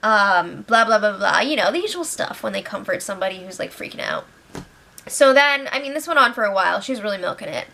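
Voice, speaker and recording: A young woman giving a casual spoiler recap from home, chatty, laughing often and quoting people in lively voices. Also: medium pitch, quick pace, gravelly. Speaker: reality show recap host. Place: home, with pets nearby.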